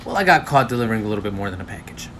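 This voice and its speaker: A man acting as a fired delivery driver, sheepish and halting, who stumbles over his words. His voice sits a little low. A steady hiss of noise runs under the skit recording. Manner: hesitant, halting with ums. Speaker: job applicant in a skit.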